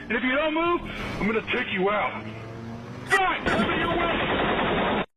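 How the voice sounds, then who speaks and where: Guy doing a super high panicky pizza delivery dude, loud music all over it. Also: lively intonation, measured pace, poor audio. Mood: frantic. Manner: panicked, yelling. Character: frantic young pizza delivery guy in a shootout.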